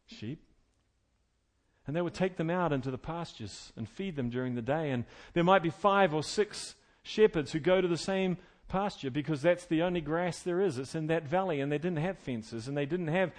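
A middle-aged male pastor, his voice a little high, delivers a sermon that moves from loud emphasis to quiet, folksy tales punctuated by chuckled asides.

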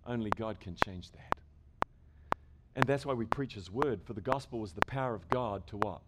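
A pastor with a lowish voice speaks at normal speed, preaching emphatically to a church congregation and asking it rhetorical questions. The recording carries loud background noise with clicks.

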